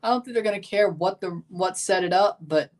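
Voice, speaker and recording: A woman hosting a live football watchalong, chatting casually and giving strong opinions, breaking into excited shouts at big moments. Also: fairly low pitch, fairly quick. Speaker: watchalong host. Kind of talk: live match reaction commentary.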